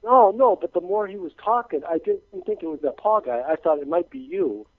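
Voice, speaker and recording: A man's voice: sits high, lively intonation, brisk, no room sound. A man calling in to a radio show, talking in a hesitant, stammering, earnest way. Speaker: caller, radio guest. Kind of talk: phone-in chat. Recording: tinny phone line.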